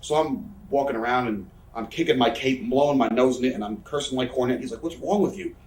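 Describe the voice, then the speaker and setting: A man's voice: medium pitch, quick pace, darkish tone. A man in his thirties telling rambling, profane, self-mocking stories as an interview guest. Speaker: interviewee, professional wrestler. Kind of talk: casual storytelling interview. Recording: roomy room, mic set far off.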